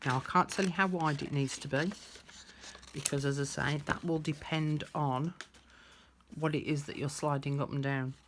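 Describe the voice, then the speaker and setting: A woman's voice: low-pitched, fairly even intonation, normal speed, a little hiss or hum. A woman chatting casually through a craft tutorial, thinking aloud as she works.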